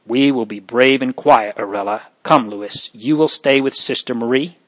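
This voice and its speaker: A man's voice: medium pitch, moderate pace, a bit bright, close to an everyday voice. A man reading a brave young girl. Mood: gentle.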